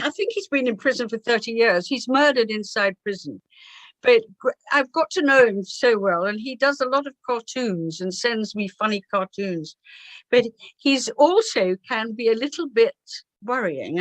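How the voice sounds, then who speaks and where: A woman, a guest author, tells stories in an animated, halting way and restarts her sentences often. Her voice sits fairly high. The sound is dry and close, over a video call. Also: dry recording. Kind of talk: anecdotal interview talk.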